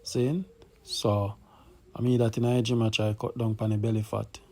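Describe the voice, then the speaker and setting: A man's voice: on the low side, level tone, moderate pace. Jamaican man hosting a call-in show. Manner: loose shout-outs in patois.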